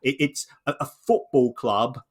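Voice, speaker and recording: Man, podcast co-host, middle-pitched voice, halting delivery, stop-start explaining. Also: slightly rough. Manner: halting, frequent restarts and repeated words; measured, explanatory. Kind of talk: conversational analysis.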